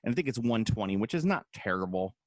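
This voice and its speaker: A man's voice: on the low side, sing-song, fast talker, dry recording. An American man co-hosting a podcast, a little drunk, rambling in casual chat with many restarts and laughs. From United States. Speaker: podcast co-host.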